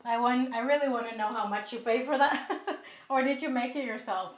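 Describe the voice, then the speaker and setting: A woman's voice: a little high, roomy sound. A woman co-hosting a home cooking stream, chatting in a bubbly, upbeat way while she cooks. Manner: bubbly, upbeat, quick to laugh. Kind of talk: casual chat while cooking. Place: small home kitchen.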